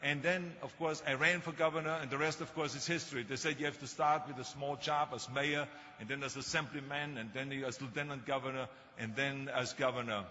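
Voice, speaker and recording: An older man, strongly accented in Austrian German, tells stories with dry humor in a motivational speech. His medium-pitched voice is sharp and steady, fairly quick, with hardly any pauses. The hall recording sounds muffled.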